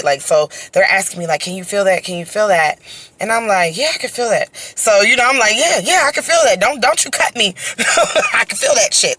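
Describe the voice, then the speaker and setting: A woman's voice: on the low side, no echo. Chatty young woman telling a story on a walk. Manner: animated, conversational, heavy use of fillers like "you know" and "right?". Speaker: vlogger telling her birth story. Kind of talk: casual storytime monologue. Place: outdoors, on a walk. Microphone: phone.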